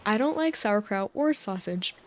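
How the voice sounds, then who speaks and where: A young woman in her twenties from the US, chatting and telling meandering stories with frequent giggles while she plays a game at home on a close dynamic mic. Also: mid-range voice. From United States. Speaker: gaming YouTuber. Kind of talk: rambling sleep-time gameplay chat. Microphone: USB dynamic mic close up.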